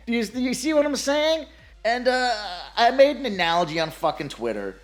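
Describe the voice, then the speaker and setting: Animated, swearing gaming ranter. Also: mid-range voice. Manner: profane, sarcastic, laughs often; mocks opponents with put-on quoted voices. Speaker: gaming commentator. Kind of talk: ranting gaming commentary.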